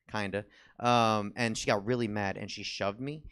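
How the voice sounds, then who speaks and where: A man with a low, gravelly voice performs stand-up comedy. His delivery is rambling and self-mocking, and he slips into acted quotes as the story goes on. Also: steady tone, a little slow, fairly bright tone. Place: comedy theater stage.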